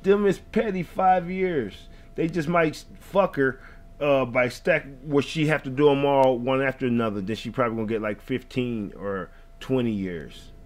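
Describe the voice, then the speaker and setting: A man's voice: mid-range voice, moderate pace. A man hosting a reaction video, ranting in heated, profane, rambling casual commentary.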